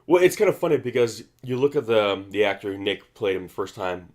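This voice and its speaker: A man's voice: lowish voice, sing-song, fairly quick. A man hosting a casual movie commentary, rambling with many restarts and fillers. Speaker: film commentary host.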